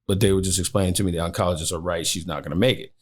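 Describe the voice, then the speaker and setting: Low-voiced guy from chicago telling his life story, lots of "you know", thoughtful. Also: steady tone, rapid-fire. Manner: reflective, many "you know" fillers. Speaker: podcast guest. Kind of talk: personal storytelling.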